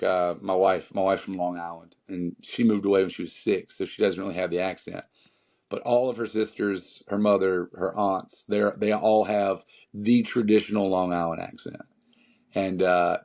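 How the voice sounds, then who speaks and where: Speaking with a Southern accent, a North Carolina musician rambles emphatically through a casual podcast conversation, full of fillers. His voice sits low with a darkish tone.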